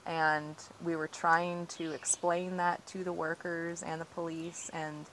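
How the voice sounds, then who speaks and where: This interviewee, a woman protesting with a tree-sit, speaks a bit slowly in a fairly low, slightly bright voice that barely moves in pitch. She recounts events earnestly and with agitation, leaning on "like" and "you know," while standing outdoors near trees on her property. Slight background noise comes through in the low-quality recording.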